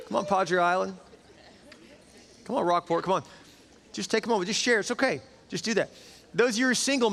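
A man's voice: a little high, gravelly, fairly bright tone. A middle-aged man preaching a sermon as a pastor, earnest and urging his congregation to act. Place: large church auditorium. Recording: hall reverb in a big church.

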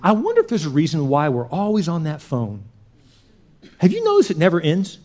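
A male pastor preaching a sermon in an animated way, swinging from loud punches to hushed near-whispers. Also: fairly high pitch, brisk.

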